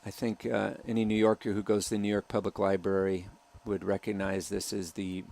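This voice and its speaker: Low gravelly man, hesitant director. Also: level tone, fairly quick. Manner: soft-spoken, hesitant with many ums and uhs. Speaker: film director. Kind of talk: commentary over a film trailer.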